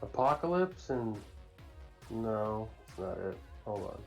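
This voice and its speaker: A man's voice: on the low side, big pitch swings, slow, creaky, soft background music. Young guy on a movie podcast, hesitant, lots of ums. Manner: unsure, thinks aloud with fillers. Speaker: podcast co-host. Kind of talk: casual movie podcast chat.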